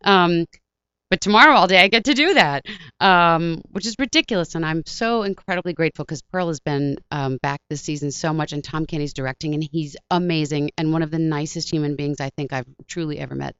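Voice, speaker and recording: Woman guest, voice actress, rapid animated storyteller, smooth crisp voice, dull lo-fi sound. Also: sits low, no echo. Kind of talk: casual interview chat.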